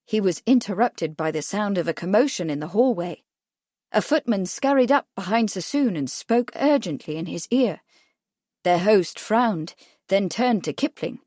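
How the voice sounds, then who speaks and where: An audiobook narrator, a woman with a mid-range voice, reads a mystery at normal speed in an even storytelling manner. This scripted narration has a dry, clean studio sound.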